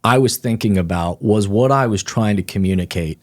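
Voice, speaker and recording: Man, middle-aged, low voice, animated storyteller, casual interview guest. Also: moderate pace. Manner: animated storyteller, acts out quoted people. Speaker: author and guest.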